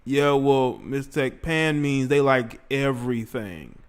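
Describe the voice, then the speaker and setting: A man's voice: medium pitch, takes it slowly, clean tone. A man hosting a casual livestream, rambling in slang and talking straight to his chat. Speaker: livestream host.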